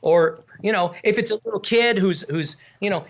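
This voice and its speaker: A man's voice: high voice, a little fast, hardly any pauses. A middle-aged man, a ventriloquist, chatting in an interview over a video call, often dropping into character voices and restarting his sentences. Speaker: ventriloquist guest. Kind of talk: casual interview chat.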